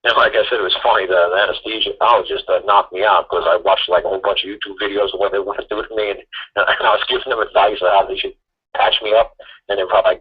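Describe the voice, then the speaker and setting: A man's voice: lowish voice, fairly even intonation, quick pace, breathy edge, narrow, tinny audio. A man hosting a casual talk radio show, rambling and laughing as he acts out what others might say.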